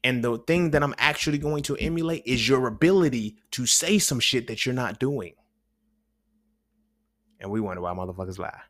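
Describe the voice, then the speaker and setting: A man's voice: mid-range voice, moderate pace, a bit bright, no echo. A man hosting a podcast, talking in a loose, rambling, profane monologue full of slang, often asking "you feel me". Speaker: podcast host. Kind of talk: casual monologue.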